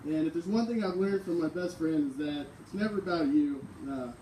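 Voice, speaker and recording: A young man in his twenties gives a halting eulogy for his best friend, filling pauses with "uh." His voice is mellow and slightly high. He is picked up from far off in an echoing space. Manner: hesitant, with many "uh"s. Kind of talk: memorial speech. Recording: echoey, distant mic, faint noise.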